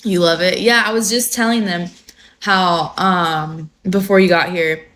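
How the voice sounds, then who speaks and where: Her voice sits on the low side, fairly bright and evenly pitched, and she takes her time. She's a young woman from California who has just woken up, hosting a casual phone livestream full of rambling, filler words and free swearing.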